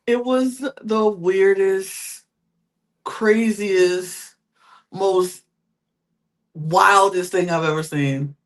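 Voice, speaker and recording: A young woman with a voice of middling pitch for a woman. She tells stories with plenty of emphasis and expression, in the loose, casual way of a podcast co-host recapping a reality show. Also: drawn-out words, long pauses.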